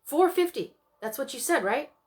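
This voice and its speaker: A woman doing an overeager teenage girl in a storybook reading. The voice jumps up high and loud, bursting with excitement. Lively pitch swings and a bright, sharp tone. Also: a little fast. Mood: eager, excited.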